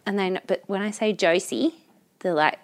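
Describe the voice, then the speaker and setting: A woman's voice: medium pitch, brisk. An Australian woman co-hosting a casual podcast chat, telling stories and swearing freely. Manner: chatty storyteller, swears casually. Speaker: podcast co-host.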